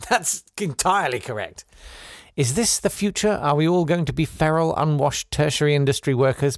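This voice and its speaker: A man's voice: on the high side, no echo. Wry, rambling man, dry sound. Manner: wry, rambling, gently self-mocking. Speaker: podcast host. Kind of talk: casual chat reading listener messages.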